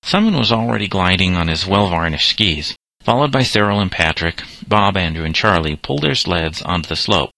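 A man reading a novel aloud as narrator, steady and measured. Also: sits low, vocal fry, dry recording.

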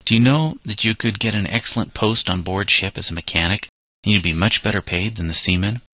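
In a storybook reading, a man takes on a calm, stern young farmhand earnestly and firmly reasoning with a boy. His very deep voice carries a bright, forceful tone at a fairly quick pace, recorded close and dry without room sound.

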